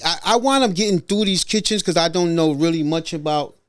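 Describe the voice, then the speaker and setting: A middle-aged man hosting a podcast, telling stories in a casual, animated way and acting out the voices of people he quotes. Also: a little high, fairly quick, smooth, no echo, studio quality. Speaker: podcast host. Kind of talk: casual storytelling conversation.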